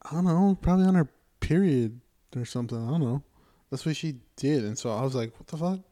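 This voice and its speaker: Speaking briskly in a medium-pitched voice, this podcast co-host keeps the chat casual and profane. He acts out what people said in his stories and gets animated whenever he quotes someone.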